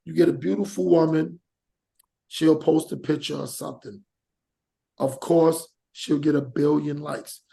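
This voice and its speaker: Gravelly high-voiced man ranting on a podcast. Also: unhurried. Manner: animated, rants with acted-out examples. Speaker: podcast host. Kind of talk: casual podcast chat.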